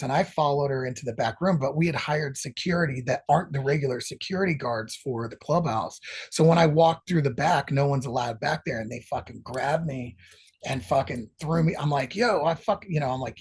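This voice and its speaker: A man's voice: fairly high pitch, slightly rough. A middle-aged man telling rambling, profanity-laced stories as a podcast interview guest. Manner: profane, rambling, animated storytelling. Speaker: guest musician. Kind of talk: casual storytelling interview.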